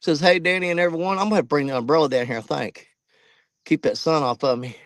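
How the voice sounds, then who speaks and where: A man's voice: fairly high pitch, fast talker, no echo. A man hosting a live fishing stream outdoors, out of breath and chatting to viewers by name. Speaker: fishing channel host. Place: outdoors at a riverbank.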